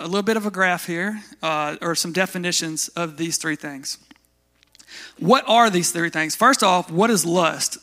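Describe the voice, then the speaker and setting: A man's voice: sits high, bright, forceful tone. A man pastor giving a conversational sermon, often asking his listeners questions and answering them himself. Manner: conversational, asks the congregation questions.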